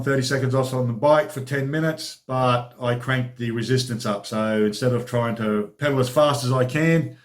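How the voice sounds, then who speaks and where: A man hosting his own training diary vlog as a personal trainer, talking in a chatty, informal, upbeat way. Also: medium pitch.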